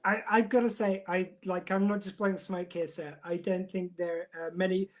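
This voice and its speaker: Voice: mid-range voice, little pitch movement, moderate pace. A host chatting with a guest, effusive and rambling, with many fillers. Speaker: podcast host. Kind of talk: casual interview chat.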